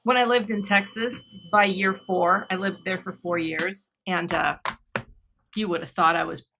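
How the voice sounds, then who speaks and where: A woman's voice: fairly low pitch, fairly even intonation, unhurried, vocal fry, fairly bright tone, slight background noise. A middle-aged woman from Washington State hosting a live card-making demo, chatting with her viewers and laughing often as she works. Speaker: craft product designer hosting a livestream.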